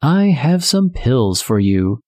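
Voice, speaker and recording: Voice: mid-range voice, very animated, takes it slowly, dark tone, no room sound, voice pushed up. A reader putting on a hungry scheming tomcat. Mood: coaxing. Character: hungry scheming male cat posing as doctor. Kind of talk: storybook reading.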